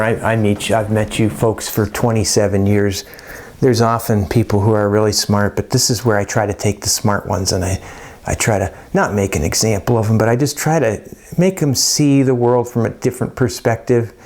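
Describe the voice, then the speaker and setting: A man's voice: fairly low pitch, fairly even intonation, moderate pace, a little mellow. A middle-aged man teaching a chemistry lesson in a casual, folksy, rambling way, with jokey asides. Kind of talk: casual lecture.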